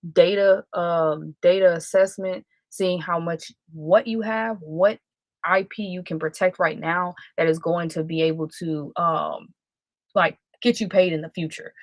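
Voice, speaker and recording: Female livestream host, casual and self-correcting, lowish voice. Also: dry recording. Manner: rambling, self-correcting, chatty. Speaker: live stream host.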